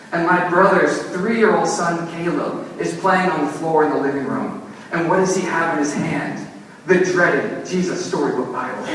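A young man, a pastor, preaching a sermon with lively, self-mocking storytelling. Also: fairly high pitch, far from the mic, slight background noise. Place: church sanctuary. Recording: echoey church hall, mic from afar.

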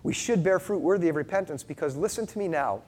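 A middle-aged male pastor giving an earnest sermon, telling a personal story, shifting between loud and hushed. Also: fairly high pitch, expressive, fast.

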